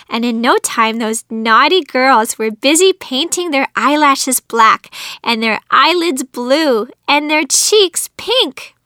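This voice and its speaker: A woman reading a children's storybook aloud, clear and expressive, in scripted narration on a close studio mic. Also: sits high, no echo.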